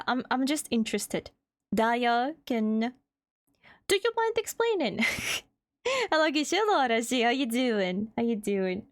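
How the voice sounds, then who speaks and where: Brief: young woman, VTuber streamer, rambly and giggly, bright high voice, dry close sound. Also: no echo. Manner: rambling, chatty, laughs often, swears casually, reads out chat names. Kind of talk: casual live-stream chat.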